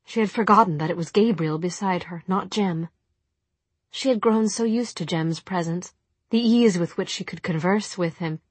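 A woman narrating a novel as an audiobook, with a steady, expressive reading. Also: medium pitch, husky, no room sound.

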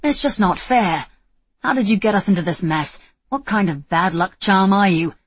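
A woman's voice: on the low side, brisk, breathy edge, dry recording. A woman reading a whiny cowardly young man. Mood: whining. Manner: complaining, whining.

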